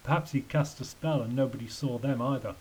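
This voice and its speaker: A man's voice: medium pitch, a little fast, darkish tone, husky, poor audio. Man reading a children's story. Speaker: narrator.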